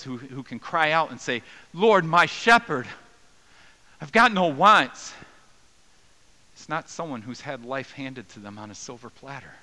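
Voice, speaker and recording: A man preaching a sermon as a pastor, earnest and dynamic, rising to raised cries and dropping to soft, slow passages. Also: mid-range voice, a little hiss or hum, poor audio.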